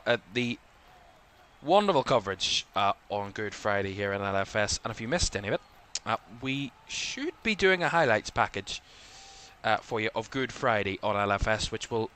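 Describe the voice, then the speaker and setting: A man's voice: mid-range voice, sharp tone, clean tone. A man with a Northern Irish accent from Belfast, hosting live watchalong commentary in a rambling way, full of fillers. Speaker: host.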